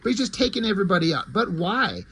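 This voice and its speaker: Sarcastic man, slightly high voice. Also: very animated, fast, fairly bright tone, husky. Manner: sarcastic, swears freely. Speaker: comic book reviewer. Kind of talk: casual chat.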